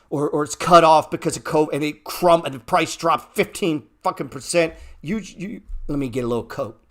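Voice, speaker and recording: A man with a somewhat high voice talks through the markets in an unscripted, blunt way, swearing freely. He hammers points home by repeating them, jumping from loud bursts down to low mutters. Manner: repeats phrases for emphasis. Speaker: stock market show host.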